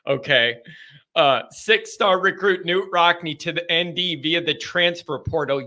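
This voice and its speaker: High, bright-voiced excitable male host. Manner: excitable and rambling, quick to laugh. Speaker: sports call-in show host. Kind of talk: casual live call-in chat.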